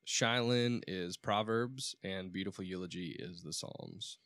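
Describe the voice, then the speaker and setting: A man's voice: low-pitched, measured pace, a bit bright, no echo. A man co-hosting a casual talk podcast, joking and laughing often while getting over a cold. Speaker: podcast co-host. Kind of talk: casual chat.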